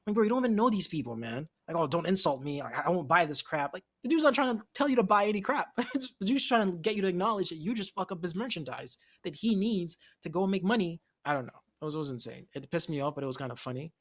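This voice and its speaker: Male podcast co-host, casual anime talk, animated, laughs a lot, acts out lines. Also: high-pitched, fast talker, hardly any pauses.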